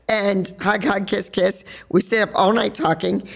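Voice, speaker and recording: A woman who hosts a podcast and teaches dance, telling stories in a chatty, animated way at a live show in a sports bar. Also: mid-range voice, a little slow, creaky, few pauses. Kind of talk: storytelling on stage at a live podcast event.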